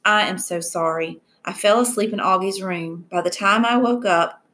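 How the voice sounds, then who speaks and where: A woman's voice: medium pitch, normal speed, a bit bright, natural voice. A woman reading aloud as an anxious, apologetic mother who fusses over her children. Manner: anxious, fussing.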